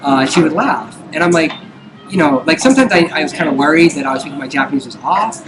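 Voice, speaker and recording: A man's voice: fairly high pitch, fast, a loud crowd, poor audio. A man chatting casually as a guest on a live stream, telling stories animatedly and acting out what people said. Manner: animated storyteller, acts out quoted lines. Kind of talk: casual chat.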